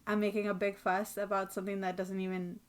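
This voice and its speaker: A woman co-host in casual conversation, her voice sitting at an ordinary middle pitch. She talks in a chatty, loose way, laughs often, and gets worked up when she rants. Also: flat delivery, quick pace. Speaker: podcast co-host. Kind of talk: casual chat.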